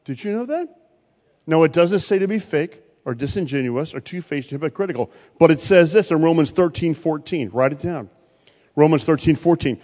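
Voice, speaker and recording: A male pastor preaching a sermon, swinging from loud bursts to quiet, pointed asides. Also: on the high side, lively intonation, moderate pace. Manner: preaching with sudden loud rises and quiet drops. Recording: long hall reverb.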